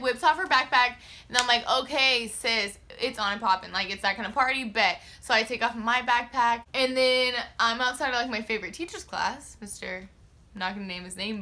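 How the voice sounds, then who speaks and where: A young woman vlogger telling a casual storytime, slangy and profane, with lots of filler words and acted-out quotes. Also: a little high. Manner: expressive, acts out her own quotes.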